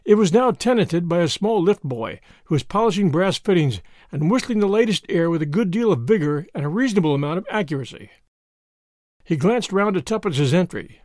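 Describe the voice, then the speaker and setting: A man reading an audiobook as expressive scripted narration on a close mic. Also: high voice, a little fast, dry recording. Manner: expressive storytelling.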